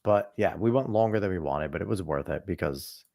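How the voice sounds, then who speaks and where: A man's voice: sits low, animated, fairly quick, warm tone, no room sound, studio quality. A man hosting a podcast, ranting emphatically and swearing freely in casual political chat. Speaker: podcast host.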